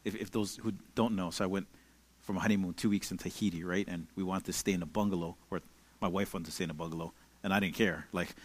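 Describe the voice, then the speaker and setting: A young man, a pastor giving a casual, conversational sermon and telling stories with plenty of "like" and "you know". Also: deep voice. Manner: relaxed storytelling with many fillers.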